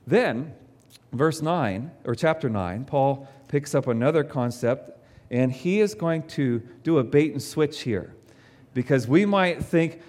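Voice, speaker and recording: A man preaching a sermon, reading scripture aloud and voicing imagined objections in an animated way. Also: fairly high pitch, normal speed, big-room sound. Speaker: pastor.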